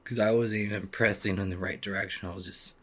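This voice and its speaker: A young man playing a video game and commenting casually, swinging from frantic yelling to quiet muttering and reading the game's lines aloud. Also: fairly low pitch, steady tone, quick pace. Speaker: let's play gamer.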